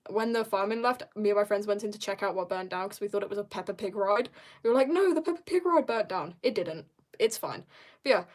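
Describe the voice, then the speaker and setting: A teenage girl chatting casually on a drawing livestream, rambling and laughing at herself as she tells stories. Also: medium pitch. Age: teens. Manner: rambling, self-mocking, giggly storytelling. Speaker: streamer.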